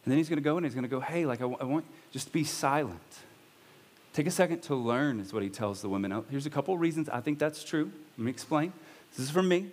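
A man's voice: a little high, fast talker, a little mellow. A man preaching a sermon as pastor, talking in a conversational way with bursts of raised emphasis. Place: church hall. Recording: long reverb of a church hall.

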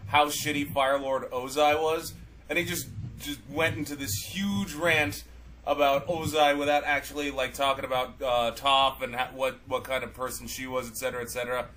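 A man's voice: medium pitch, little pitch movement, normal speed, fairly bright tone, slight background noise, low-quality recording. A man co-hosting a casual podcast chat, rambling with lots of fillers and restarts. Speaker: podcast co-host.

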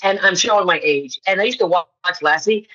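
This woman in her fifties talks with a bright, forceful tone roughened by a husky grain. She tells personal stories to a podcast host and acts out each quoted person. The audio is somewhat dull and lo-fi. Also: fairly low pitch, fairly quick. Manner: animated storyteller who acts out quoted voices. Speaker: podcast guest, actress. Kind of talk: personal storytelling in conversation.

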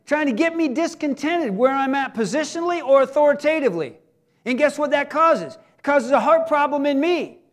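High-voiced man preaching, loud then hushed. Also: animated, normal speed. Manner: swings between emphatic raised delivery and hushed, quiet passages; folksy, joking asides to the congregation. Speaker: pastor. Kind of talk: sermon.

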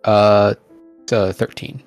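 A man's voice: fairly low pitch, level tone, takes it slowly, soft background music. A man player at a tabletop game, hesitant and laughing now and then, a bit away from the mic.

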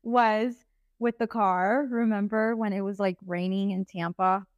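A woman's voice: mid-range voice, fairly even intonation, a little slow, no room sound. A young woman hosting a casual podcast chat with a friend, telling stories animatedly, quoting herself and her friend, with frequent laughter. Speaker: podcast host. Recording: dull lo-fi sound.

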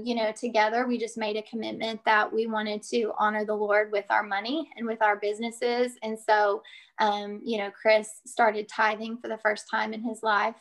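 A middle-aged woman telling a personal story as an interview guest, chatty and earnest, with many fillers. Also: fairly high pitch. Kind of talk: casual storytelling.

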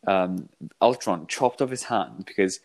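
A man co-hosting a podcast, chatting casually about films and tossing in quick impressions of lines. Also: low voice, lively intonation, creaky. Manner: quick, chatty, mimics film lines in asides. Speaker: podcast co-host. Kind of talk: casual film chat.

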